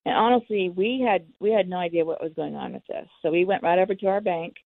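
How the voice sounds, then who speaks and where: A woman's voice: fairly low pitch, fast, gravelly, dry recording. A woman telling her own story in an interview, candid and acting out the dialogue. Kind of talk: personal storytelling. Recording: tinny phone line, dry.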